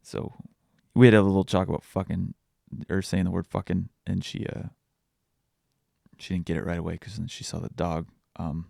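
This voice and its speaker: A man's voice: low-pitched, level tone, normal speed, gravelly, darkish tone, no room sound, studio quality. A young man hosting a podcast, telling candid, self-deprecating stories in a confessional, casual way. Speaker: podcast host. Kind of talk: casual personal podcast talk.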